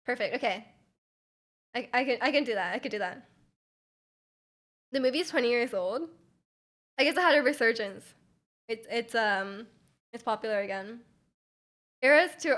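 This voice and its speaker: A woman's voice: a little high, animated, moderate pace, long pauses, fairly bright tone. A young Canadian woman streaming live, chatting casually with her viewers, giggling and rambling with many restarts.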